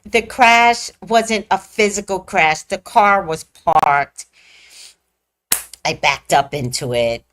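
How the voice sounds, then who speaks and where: A woman casually telling a personal story on her vlog, laughing often and swinging between squealing highs and hushed lows. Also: slow. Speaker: vlogger.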